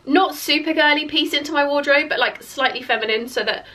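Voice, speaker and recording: Chatty woman with a croaky voice. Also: high voice, brisk, bright, forceful tone. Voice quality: chatty, filler-heavy with lots of "like". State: croaky voice cracking from hiccups. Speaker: fashion vlogger. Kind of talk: casual try-on haul chat. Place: bedroom beside a clothes rail.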